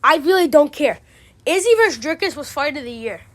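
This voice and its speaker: A woman's voice: high voice, lively intonation, a little fast. A woman giving casual, ranting commentary, exasperated and profane, full of slang. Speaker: MMA commentary channel host.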